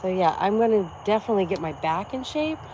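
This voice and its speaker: A woman's voice: medium pitch, very animated, fast talker, background noise. A woman in her forties, out of breath, vlogging casually while working out, brash, profane and boastful. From Florida.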